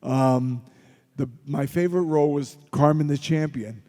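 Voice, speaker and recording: A man from Philadelphia, guesting at a convention panel Q&A, tells rambling, joking anecdotes. His voice is fairly high and mellow at a moderate pace, echoing in a reverberant convention hall.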